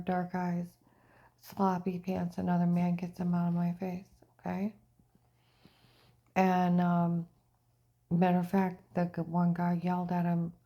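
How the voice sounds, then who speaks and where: A woman giving a personal testimony monologue, often dropping into a hushed whisper. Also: lowish voice. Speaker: person telling her own story.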